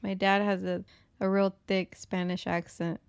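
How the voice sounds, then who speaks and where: A woman's voice: mid-range voice, little pitch movement, vocal fry, clear, resonant tone, no echo. A woman co-hosting a podcast, chiming in with short teasing reactions. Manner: teasing, quick interjections. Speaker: podcast co-host. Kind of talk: casual chat, short reactions.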